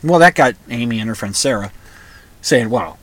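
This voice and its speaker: A man's voice: mid-range voice, animated, a bit bright. Midwest guy hosting his show, rambly, stops and restarts a lot, middle-aged. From upper Midwest US. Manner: rambling, halting, many restarts. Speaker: podcast host. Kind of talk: casual monologue.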